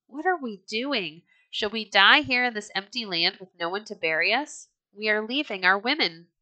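Lady reading a stern viking chief, firm and earnest, bright voice, dry sound. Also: medium pitch, animated, moderate pace, no echo, rough recording. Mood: urgent. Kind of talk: storybook reading.

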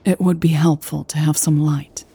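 A woman voicing a cautious, worried young woman who speaks quietly in an audiobook. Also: low-pitched, fairly even intonation, moderate pace, breathy edge, dry recording, heavily acted. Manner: quiet, hushed.

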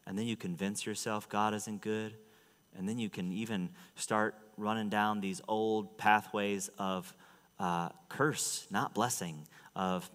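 A man preaching a sermon to a church, rising to loud, high fervent stretches and dropping to quiet asides. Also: steady tone, measured pace. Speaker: pastor. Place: church sanctuary. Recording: long hall reverb.

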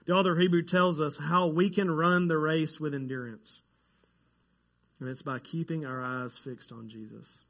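A pastor's sermon fills the church sanctuary, his fairly high voice steady, moderately paced, creaky and a bit bright. He keeps it loose and chatty, trading jokes with the congregation and growing animated whenever a fact catches him off guard.

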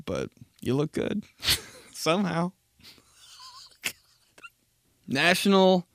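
A young man hosting a casual solo podcast, swearing a lot and ranting in an animated, crude way. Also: medium pitch, no echo, clean studio sound. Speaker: podcast host.

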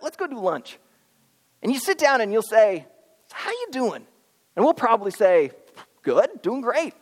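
Man, pastor preaching, earnest pleading tone, very lively delivery, echoing church hall. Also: high-pitched. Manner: animated, earnest, pleading preaching with swings between loud and hushed. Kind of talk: sermon. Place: church auditorium. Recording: long reverb of a hall.

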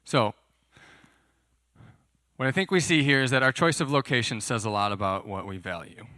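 A man gives a relaxed, conversational sermon, reading scripture and unpacking it in plain words. His voice is bright and forward, and it sounds dry and close. He speaks at a middle pitch and now and then turns to ask his listeners questions. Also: normal speed, dry recording. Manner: conversational, asks the audience questions. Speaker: pastor. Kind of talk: sermon teaching.

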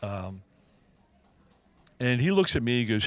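A man's voice: medium pitch, animated, normal speed, pauses often. Guy telling a story to his cohost, earnest and emphatic, keeps restarting lines. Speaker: podcast co-host. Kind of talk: casual storytelling chat.

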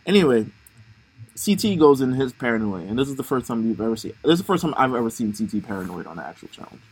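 A man's voice: medium pitch, sing-song, quick pace, breathy edge, low-quality recording. A young man co-hosting a casual chat, rambling with lots of fillers and slang. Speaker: podcast co-host. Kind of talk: casual chat recapping a reality show.

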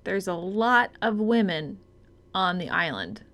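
Deadpan, laid-back young woman podcaster. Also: mid-range voice, takes it slowly. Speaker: podcast co-host. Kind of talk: casual movie podcast chat.

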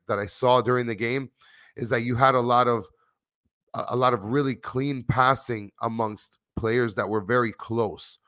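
Animated man hosting a fan livestream. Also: medium pitch, no room sound, studio quality. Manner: animated and rambling, reading chat comments aloud, with frequent restarts. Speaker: soccer fan show host. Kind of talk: casual livestream postgame chat.

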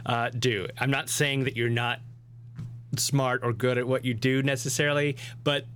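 A man co-hosts a podcast in loose, casual conversation, pressing his points with emphasis and laughing often. His voice sits at an ordinary middle pitch. A faint hum runs underneath the recording. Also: little pitch movement, normal speed, fairly bright tone. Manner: emphatic, chatty, with frequent laughs. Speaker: podcast co-host.

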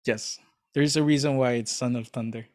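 A man in casual chat, telling a story earnestly and with enthusiasm, often pausing to search for words. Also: medium pitch, steady tone, a little mellow.

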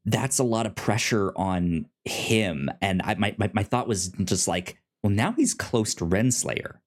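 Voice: low voice, a little slow. A podcast co-host chatting casually about a TV episode, rambling with many fillers and restarts. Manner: rambling, full of fillers and restarts, acts out quotes in silly voices.

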